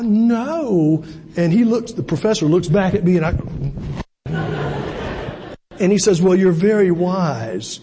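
A man's voice: high-pitched, mellow, a little hiss or hum. A man preaching a sermon as pastor, talking conversationally with asides and repeated words. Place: church sanctuary. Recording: long hall reverb.

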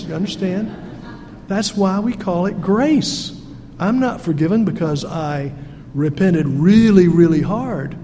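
A man's voice: high voice, mellow. A man preaching a sermon in a folksy, humorous and emphatic way, recorded in a church sanctuary. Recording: echoey hall with faint noise.

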